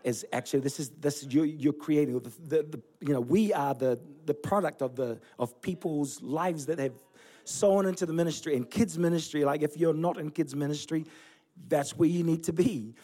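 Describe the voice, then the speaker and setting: Animated storytelling pastor, man in forties. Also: on the high side, normal speed. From Fiji. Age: 40s. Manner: storytelling, animated, laughing at himself. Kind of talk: sermon. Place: church.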